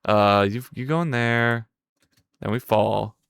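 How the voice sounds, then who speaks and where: Slow and resonant with some vocal fry, this clear mid-range voice belongs to a streamer coding live and narrating their thoughts. They joke around with viewers between tasks and yelp or curse when things break. There's no echo.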